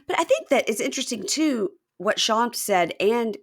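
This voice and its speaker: Lively-voiced woman podcast host. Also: a little high, normal speed. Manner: animated, acts out the people she describes in raised voices. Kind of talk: casual chat recapping a reality show.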